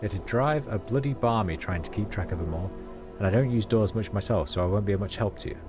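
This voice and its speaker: A man's voice: fairly low pitch, lively intonation, a little fast, over music, lightly acted. A man voicing a chatty, superstitious male rat catcher, reading slangy street talk aloud with small stumbles.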